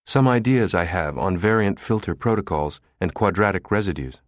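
Audiobook role: a man reading as a quick, teasing woman, pitched a touch above a low voice, dry close recording. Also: expressive, no room sound. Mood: playful. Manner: teasing, playful. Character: witty, teasing woman, a professor's lover.

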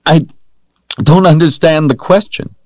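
A man's voice: fairly high pitch, a little slow, a little mellow, no room sound, voice pushed up. A man voicing a terrified young male captive under torture who talks in a fearful, strained, pleading way.

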